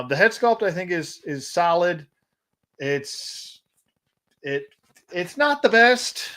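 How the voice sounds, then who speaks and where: A man's voice: a little high, fairly bright tone, rough recording. A man hosting a casual livestream toy review, blunt and rambling, often restarting his sentences. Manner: rambling, blunt, repeats and restarts while complaining. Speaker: action figure collector and channel host.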